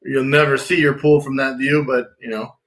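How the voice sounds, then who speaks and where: Man, pool designer, casual client talk, relaxed, reassuring, medium pitch. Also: normal speed.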